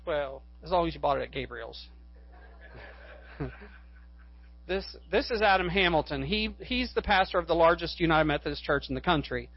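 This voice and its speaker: A man's voice: a little high, animated, moderate pace, pauses often, husky, dry recording. A male pastor preaching a sermon, a rambling storyteller who corrects himself and rises to fervent appeals. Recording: dull lo-fi recording.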